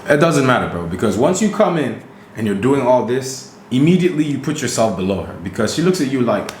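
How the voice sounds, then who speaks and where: A man co-hosting a podcast in casual chat, animated and emphatic, often checking in with "right?". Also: mid-range voice, brisk, a little hiss or hum. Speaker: podcast co-host. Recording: roomy recording.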